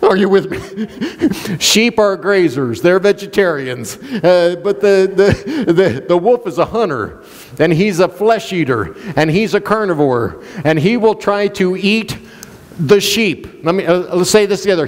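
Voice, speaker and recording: A man's voice: high voice, animated, a little slow, in a large hall. A male pastor preaching a sermon, questioning the congregation and joking with them. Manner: playful, jokes and laughs.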